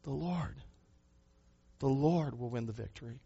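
A man preaches a sermon in a husky voice of middle pitch. He asks rhetorical questions and presses his points hard, then drops quieter. The recording sounds muffled and dull. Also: a little slow. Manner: emphatic, rhetorical questions, shifting between loud and soft. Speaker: pastor.

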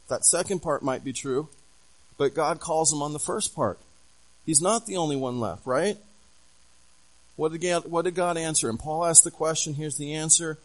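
A man's voice: on the high side, moderate pace, low-quality recording. A man pastor preaching a sermon, telling a story with animation and asking the congregation questions.

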